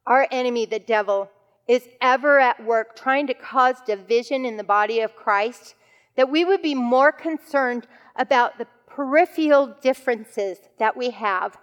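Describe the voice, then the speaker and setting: A woman's voice: on the high side, moderate pace, highs cut off. A woman giving a devotional teaching talk to women, telling stories in a conversational way with fillers. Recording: long hall reverb.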